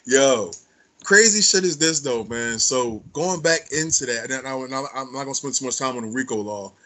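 A man's voice: mid-range voice, moderate pace, pushed and bright. A man co-hosting a podcast, telling stories in blunt, profane casual chat. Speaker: podcast co-host.

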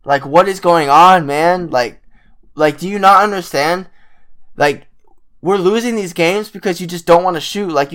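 A young man with a medium-pitched, slightly bright voice is sick, and his voice cracks. He rants in casual commentary as a frustrated basketball fan, exasperated and swearing a lot, with many fillers.

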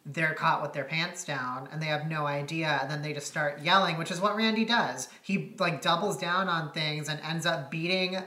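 Blunt woman with a bright voice, echoey room. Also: low-pitched, fairly even intonation. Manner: quick, blunt, swears casually. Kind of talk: casual chat.

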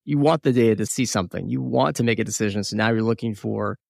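A man's voice: on the low side, fast talker, gravelly, a little mellow, no room sound, clean studio sound. A man hosting a podcast, agreeing with his guest and asking questions. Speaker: podcast host. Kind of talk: interview questions.

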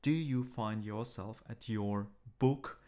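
Low-voiced man co-hosting a podcast. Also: slow pace, mellow. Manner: hesitant, with frequent fillers and restarts. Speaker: podcast co-host. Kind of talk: casual podcast chat.

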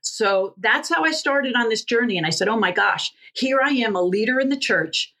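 Husky-voiced woman sharing earnest testimony. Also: on the high side, lively intonation, moderate pace, pushed and bright. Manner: earnest, fervent, many restarts. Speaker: guest, healing ministry co-founder. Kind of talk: personal testimony in an interview.

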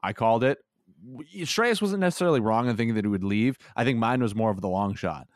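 A young man co-hosting a casual sports podcast, easygoing and quick to laugh. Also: medium pitch, lively intonation, dry recording, studio quality. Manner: easygoing, laughs between points. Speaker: podcast co-host.

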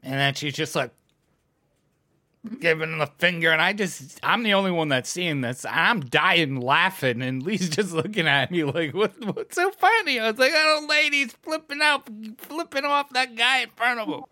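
A co-host from New England telling excitable stories in a casual chat, laughing and shouting out the punchlines. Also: medium pitch, moderate pace, no echo, clean studio sound.

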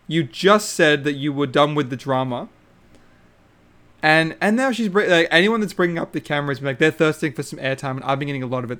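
A young man with a high-ish, slightly bright, clear and resonant voice hosts a solo podcast. He casually rants and swears while recapping a reality show, using lots of filler words.

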